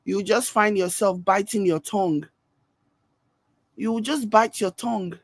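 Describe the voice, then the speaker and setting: A Nigerian woman delivers opinionated reaction commentary at a mid pitch, scolding and emphatic, dropping pidgin into her sentences. The sound is dry and close, with no room around her voice. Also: unhurried, no echo. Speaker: reaction video host.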